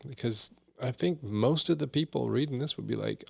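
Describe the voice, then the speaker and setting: A man's voice: medium pitch, brisk, gravelly, few pauses, no room sound. A man giving a casual, candid Bible study talk on a podcast, full of fillers and asides.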